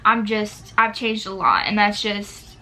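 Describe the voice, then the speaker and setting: A woman's voice: medium pitch, steady tone, measured pace, pushed and bright. A nineteen-year-old woman chatting casually through a Q&A while eating at home, with lots of filler words. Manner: chatty, filler-heavy, talks with mouth full. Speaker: YouTuber. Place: home near a street.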